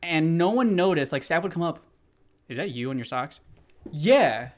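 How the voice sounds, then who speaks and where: Dry-humored young man telling a story. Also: normal speed. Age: 20s. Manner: dry storyteller who acts out quoted dialogue in a low, flat voice. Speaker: podcast co-host. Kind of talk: casual chat.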